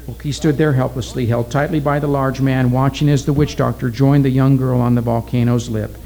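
A man narrating a story aloud in a steady, deliberate reading style. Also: medium pitch, creaky, low-quality recording.

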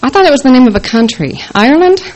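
A woman voicing a chatty middle-aged church nursery leader, bright and sing-song. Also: sits high, big pitch swings, quick pace, voice pushed up. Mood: gushing.

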